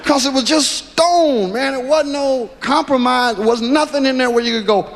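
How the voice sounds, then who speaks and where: A man telling stories in stand-up, profane and animated, in a live club recording with crowd noise. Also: very high voice, moderate pace, big-room sound. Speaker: stand-up comedian. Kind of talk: stand-up storytelling.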